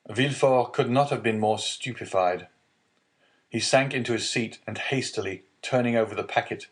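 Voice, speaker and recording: A man narrating a classic novel as a calm bedtime audiobook, reading slowly and evenly. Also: fairly low pitch. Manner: slow, even, soothing reading. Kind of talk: calm scripted narration for sleep.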